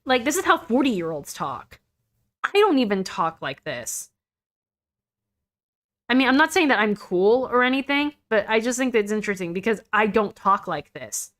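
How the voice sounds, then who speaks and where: A woman's voice: on the high side, expressive, normal speed, fairly bright tone. Chatty lady reacting to a story, says like a lot, hedges everything. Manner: chatty, full of "like", hedges her opinions. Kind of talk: casual reaction chat.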